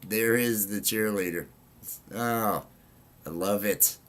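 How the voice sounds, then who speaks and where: A man's voice: on the low side, slow, fairly bright tone. A man hosting a casual livestream chat, rambling with many fillers and restarts. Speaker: livestream host.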